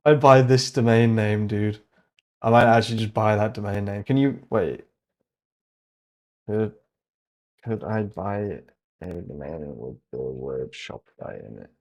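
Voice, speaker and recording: A young man talks through a casual livestream, thinking aloud and bursting into excited ideas before trailing off into low muttered asides. His voice sits a little low for a man, and he laughs often at his own plans. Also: measured pace, pauses often. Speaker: host.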